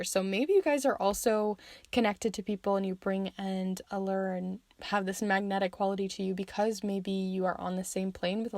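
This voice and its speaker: A woman's voice: medium pitch, no room sound. A young woman giving a chatty tarot reading, full of fillers, who says she is losing her voice. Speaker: tarot reader.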